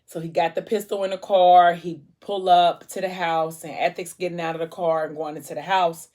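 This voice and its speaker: A woman with a somewhat low voice chats casually into her camera. She retells a novel's plot with lively storytelling energy. She also acts out the characters' lines as she goes. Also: moderate pace. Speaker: vlogger. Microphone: camera mic.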